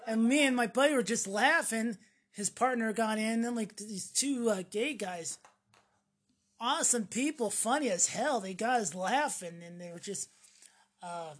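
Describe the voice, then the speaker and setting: A woman's voice: mid-range voice, unhurried, slightly rough. A woman delivering a profane, sarcastic ranting monologue to camera, mocking the people she talks about. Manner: sarcastic, acts out mocking voices; swears freely. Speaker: vlogger.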